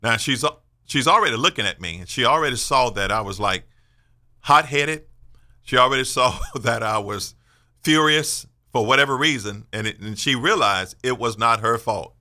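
A man's voice: medium pitch, moderate pace, pushed and bright. A man in his sixties hosting a faith-based radio talk show, speaking earnestly and emphatically in a sermon-like way. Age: 60s. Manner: earnest, emphatic, personal testimony.

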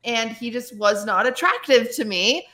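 A woman's voice: a little high, expressive, normal speed, sharp tone. A woman livestreamer telling a long personal story in casual chat, rambling and full of "like" fillers. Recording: roomy echo.

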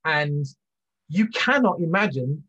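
A man with a husky, slightly rough voice talks through a point as an interview guest. He circles back, restarts and fills gaps with "you know". The audio is dull and muffled. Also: fairly high pitch, animated, slow pace, sharp tone. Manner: rambling, many restarts and fillers. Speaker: guest, business leader. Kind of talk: conversational interview.

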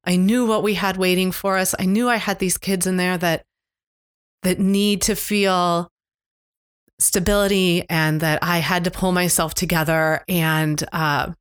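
A middle-aged woman co-hosting a podcast, candidly retelling a stressful family road trip in a halting, emotional way. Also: fairly low pitch, fairly even intonation, clear, resonant tone, no room sound, studio quality. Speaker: podcast co-host. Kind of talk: casual storytelling chat. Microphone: close podcast mic.

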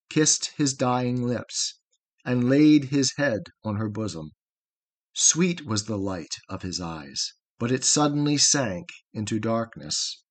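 A man reading a long narrative poem aloud in a solemn, measured way with dramatic pauses. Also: mid-range voice. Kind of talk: slow measured poetry reading.

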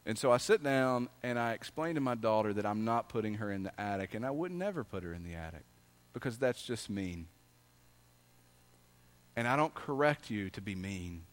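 A male pastor preaching a sermon. His delivery is dynamic, swinging from loud emphasis to soft asides, and he reads scripture with slow, drawn-out emphasis. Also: medium pitch.

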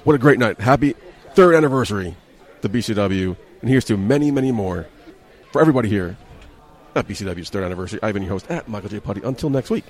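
A man's voice: lowish voice, expressive, fast. A man hosting a wrestling show, interviewing wrestlers and wrapping up in a chummy, casual way. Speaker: host, ring-side interviewer.

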